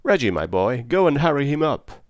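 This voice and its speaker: A man voices a hearty old yacht owner, lightly acted and pitched above his natural voice. His medium pitch swings widely at normal speed, with studio-quality sound and no echo.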